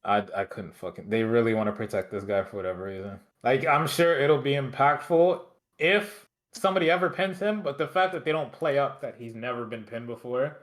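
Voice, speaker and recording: A man talks through a wrestling show in a loose, rambling way, swearing often. His voice sits at an ordinary middle pitch. It is casual podcast chat between co-hosts. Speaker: podcast co-host recapping wrestling.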